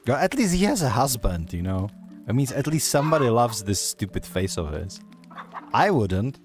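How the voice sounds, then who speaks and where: A man's voice: medium pitch, sing-song, normal speed, soft background music. A man streaming a video game, giving casual commentary in a mocking tone, laughing often and swearing. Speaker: vtuber streamer.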